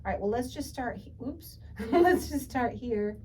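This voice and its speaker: A woman's voice: fairly high pitch, animated, a little slow, dark tone, distant mic, slight background noise. A woman coaching a singing student, explaining patiently and encouragingly with plenty of fillers. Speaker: voice teacher. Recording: from across the room, with music behind.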